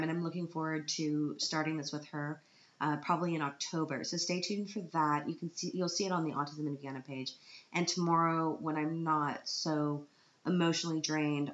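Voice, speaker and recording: A woman's voice: sits low, fairly bright tone, echoey room, lo-fi sound. A woman from Canada telling a casual vlog story in a chatty, self-mocking way, laughing often. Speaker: vlogger, autism group organiser.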